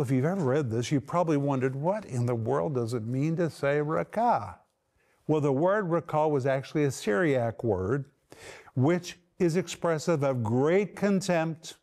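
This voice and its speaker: A man's voice: fairly high pitch, darkish tone. A man giving a teaching sermon, explaining words one by one with strong emphasis. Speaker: Bible teacher.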